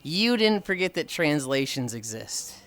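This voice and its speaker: Tired live streamer on a treadmill, exasperated, sighs a lot, lively pitch. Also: measured pace. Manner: exasperated, sighing often, reading and answering chat; walking on a treadmill while talking. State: tired from a long walk. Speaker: livestreamer chatting with viewers. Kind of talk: casual live-stream chat.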